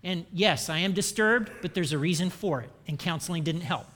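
High-voiced man preaching with humor. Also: fairly quick. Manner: humorous, animated, self-deprecating asides. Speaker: pastor. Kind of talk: sermon. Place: church.

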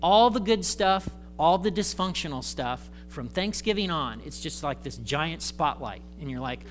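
A male pastor giving a conversational, animated sermon in church, acting out voices. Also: a little high, normal speed, faint music behind.

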